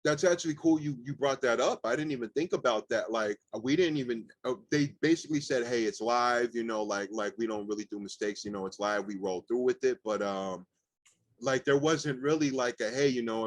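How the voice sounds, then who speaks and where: Young male rapper guest, animated and profane, lots of fillers, dry close mic. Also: medium pitch, a little fast, no room sound. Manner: animated, swearing, many "like" fillers. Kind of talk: casual storytelling interview.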